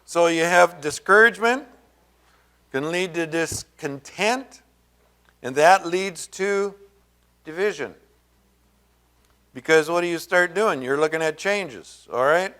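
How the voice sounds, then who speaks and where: Slow-talking pastor with a smooth voice. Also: male voice, bright, forceful tone. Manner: conversational, rambling with many fillers and asides; acts out quoted voices with raised pitch. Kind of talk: sermon.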